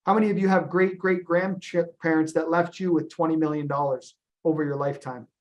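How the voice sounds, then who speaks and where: A man leading a business presentation on a group call, animated and storytelling, with frequent ums and retold dialogue. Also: on the high side, a little fast. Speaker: company founder presenting to agents on a call.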